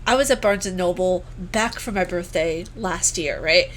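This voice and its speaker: A woman guest on a podcast, telling stories in casual chat, giggly and animated, swearing casually. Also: on the low side, normal speed, slight background noise.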